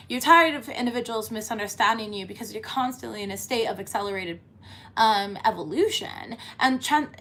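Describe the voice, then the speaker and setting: A woman giving a casual tarot reading, chatty and laughing often, cussing freely as she talks. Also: mid-range voice. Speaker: tarot reader.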